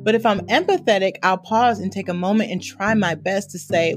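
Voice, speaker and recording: A woman speaking as a therapist on a podcast, telling stories in a lively way and laughing often. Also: medium pitch, brisk, soft background music. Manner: animated storytelling with frequent laughter. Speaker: therapist guest. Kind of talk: podcast interview.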